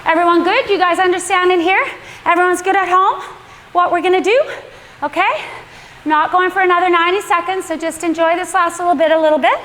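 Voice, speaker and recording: A woman's voice: extremely high pitch, fairly even intonation, brisk, fairly bright tone, big-room sound, slight background noise. A woman coaching an indoor cycling class, chatty and instructive, laughing often between cues.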